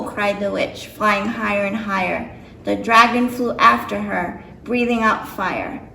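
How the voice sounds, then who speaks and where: A woman's voice: medium pitch, unhurried, gravelly, pushed and bright, a little hiss or hum. A woman reading a picture book aloud with careful, slightly nervous delivery. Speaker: storybook reader. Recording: roomy echo, mic far off.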